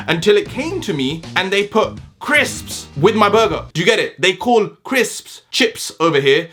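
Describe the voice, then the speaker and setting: A man from the UK with a London-leaning British accent, talking to camera in a joking, animated vlog. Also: high voice, moderate pace, hardly any pauses, faint music behind. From United Kingdom. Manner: animated, joking, talks straight to viewers. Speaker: vlogger. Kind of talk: casual vlog monologue.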